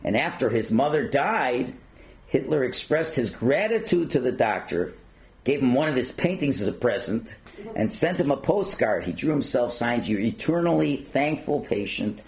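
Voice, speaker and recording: A man's voice: medium pitch, sing-song, normal speed, a little mellow, poor audio. A man lecturing at a synagogue learning centre, reading passages aloud and then commenting in his own words with fillers. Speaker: rabbi lecturer.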